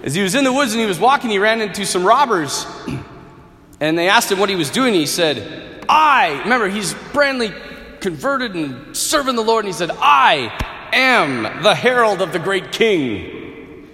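A man preaching a sermon in an animated, earnest way, with touches of wry humor. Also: high voice, brisk. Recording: echoey hall with long reverb.

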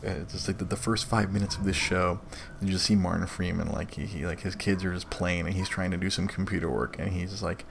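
A man's voice: deep voice, fairly even intonation, quick pace, gravelly, background noise. A young adult man hosting a live stream, chatting casually in a rambling, profane way with many restarts. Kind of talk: casual chat.

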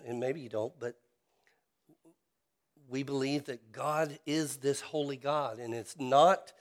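A man preaching a sermon as a pastor, talking in an earnest, conversational way and often restarting and repeating his words. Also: mid-range voice.

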